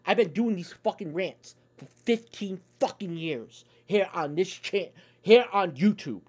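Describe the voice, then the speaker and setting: A man ranting about his team for his YouTube channel, furious and foul-mouthed. His pitch swings widely, rising and crashing as he curses. The talk is a nonstop stream of complaints. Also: expressive, moderate pace, hardly any pauses, husky. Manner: angry, profane, swearing constantly. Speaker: YouTube sports fan ranter. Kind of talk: profane sports fan rant.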